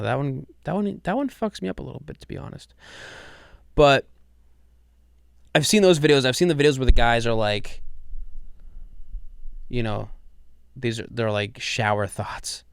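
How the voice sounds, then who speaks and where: A man's voice: medium pitch, expressive, measured pace, gravelly, pauses often, clean tone, no room sound. A man hosting a casual podcast on a close mic, rambling and swearing casually with lots of restarts. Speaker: podcast host.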